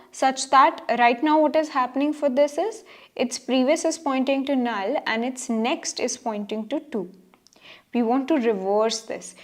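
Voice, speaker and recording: Young woman, coding instructor, slow and methodical, fairly high voice. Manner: patient step-by-step explanation with frequent "right?" and "okay". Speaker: programming instructor. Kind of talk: explaining code while coding on screen.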